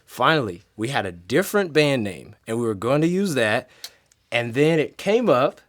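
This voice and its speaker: A man in a band telling a story in an interview, lively, with big swings in pitch and volume. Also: normal speed. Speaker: band member.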